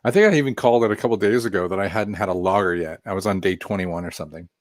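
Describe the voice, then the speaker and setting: A man's voice: low-pitched, rapid-fire, no room sound, clean studio sound. A man casually reviewing a craft beer on a live stream, chatting in a rambling way with self-deprecating asides while reading viewer comments.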